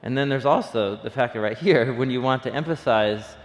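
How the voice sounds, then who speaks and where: A man's voice: medium pitch, fairly quick. A man leading an early-morning Bible study, teaching in an enthusiastic, conversational way and thinking aloud with plenty of fillers. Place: church room. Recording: long reverb of a hall.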